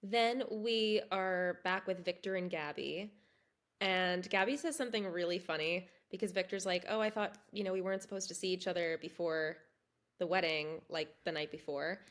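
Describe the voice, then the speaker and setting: A woman co-hosting a podcast, calmly narrating plot points in casual chat. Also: lowish voice, moderate pace. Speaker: podcast co-host.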